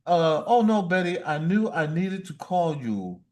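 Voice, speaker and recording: A man's voice: a little high, sing-song, a little slow, darkish tone. A man hosting a casual livestream, playful and reading viewer comments aloud. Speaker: livestream host.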